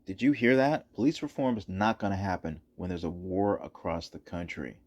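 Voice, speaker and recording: A man with a fairly low voice delivers opinionated commentary over footage. He talks emphatically and hammers his points home by repeating them. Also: normal speed, darkish tone, highs cut off. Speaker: political commentator.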